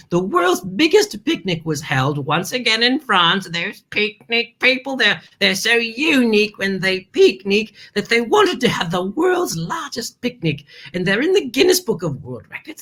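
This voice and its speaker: Playful, theatrical woman host with lively pitch. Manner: theatrical, playful, chatty asides; addresses viewers as darling. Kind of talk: hosting a kids' learning show.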